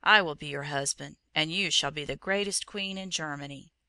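A reader voicing a proud barbarian prince, a grown man trying to speak gently to a captive maiden in a storybook reading. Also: medium pitch, normal speed, dry recording, clean studio sound. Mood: coaxing.

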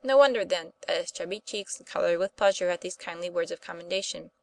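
A woman reading an old-fashioned children's story aloud in steady narration. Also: lowish voice, fairly quick, creaky. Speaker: audiobook reader. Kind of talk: scripted narration.

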